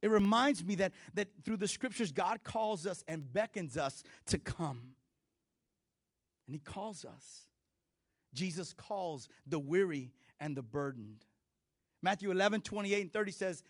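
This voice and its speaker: A middle-aged man preaching a sermon as pastor, conversational and animated, with frequent restarts and playful asides. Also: high voice, unhurried, no echo, clean studio sound.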